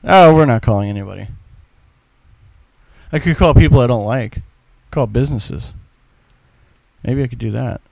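A man's voice: mid-range voice, normal speed, vocal fry, pauses often, a little mellow, dry recording. A man hosting a music show, talking casually and rambling with plenty of swearing. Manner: profane, griping, offhand. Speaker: radio show host.

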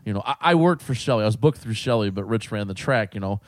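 Lively, laughing male storyteller. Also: on the low side, fast, no room sound, studio quality. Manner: animated, swearing, laughing storyteller; colloquial, rambling with restarts. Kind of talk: casual storytelling chat.

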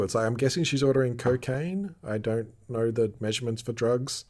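A man, hosting a podcast in casual chat and recapping episodes in a jokey, animated way. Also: medium pitch, a little fast. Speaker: podcast host.

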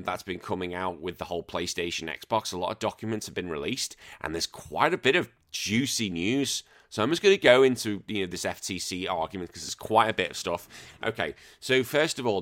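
A man's voice: fairly low pitch, fairly bright tone. A man, hosting a podcast and reading listener letters in a jokey, sweary, ranting way. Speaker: podcast host. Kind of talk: casual chat.

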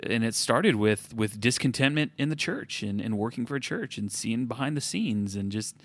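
With no room sound, a man in his thirties co-hosts an informal podcast about faith, his mid-range voice animated and moderately paced. He's reflective and self-correcting, repeatedly starting his sentences again.

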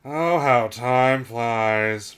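A man's voice: mid-range voice, very slow, a bit bright, clear, resonant tone. A man co-hosting a casual podcast, making wry asides and reminiscing about the old show. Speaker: podcast co-host.

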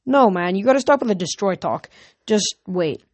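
A woman reading the part of a cocky, joking teenage boy mechanic, in a quick breezy manner. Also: mid-range voice, animated, a little mellow, no room sound, lightly acted.

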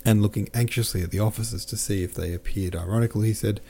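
A man narrating a classic novel as an audiobook in a steady, measured reading. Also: lowish voice, vocal fry. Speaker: audiobook narrator and podcast host.

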